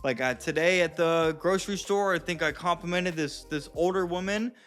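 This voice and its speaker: A man's voice: fairly high pitch, normal speed, fairly bright tone, soft background music. A man of thirty giving casual coaching advice to viewers, chatty and profane, calling them guys and dude. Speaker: dating and confidence coach.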